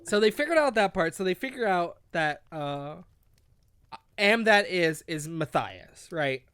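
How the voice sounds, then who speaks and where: A podcast co-host retelling a childhood fantasy book in casual chat, swearing freely and acting out the characters. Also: male voice, sits high, unhurried, clean tone, no room sound, studio quality. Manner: animated storyteller, swears often, acts out characters.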